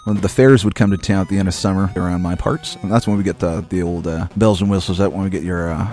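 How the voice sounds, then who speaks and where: A man from Maine in his thirties talks over a retro game in loose, rambling, profanity-laced commentary. His voice sits fairly low and his tone is wry and easygoing, with faint game music behind him. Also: fairly even intonation, fast, a little mellow. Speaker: host. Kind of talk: casual let's-play commentary.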